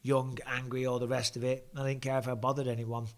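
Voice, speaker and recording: A man's voice: medium pitch, flat delivery, a little fast. A middle-aged man, chatting casually and swearing freely as he hosts a live fight watch-along. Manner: chatty, swears casually, reads out viewer comments. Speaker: host and former fighter.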